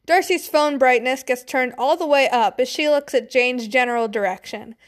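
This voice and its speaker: A woman's voice: sits high, moderate pace. A young woman casually reading a story aloud, breaking off into giggly, swearing asides. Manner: giggly, swears, chatty tangents. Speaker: fanfiction reader.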